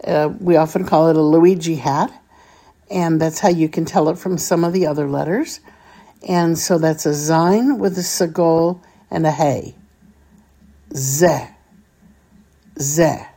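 A woman teaching a vocabulary lesson, deliberately spelling out each word and repeating it for practice. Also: low voice, fairly even intonation, dark tone. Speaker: Hebrew teacher.

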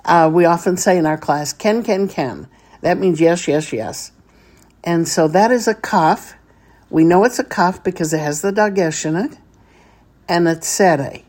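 Slow, mellow woman teaching. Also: fairly low pitch. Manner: deliberate, repeats each word for practice. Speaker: Hebrew teacher. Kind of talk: slow vocabulary lesson.

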